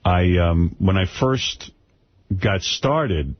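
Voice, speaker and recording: A man's voice: sits low, lively intonation, extremely slow, a little hiss or hum. A middle-aged man hosting a radio show, blunt, boastful and profane. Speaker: radio host. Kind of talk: radio banter. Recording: muffled radio broadcast.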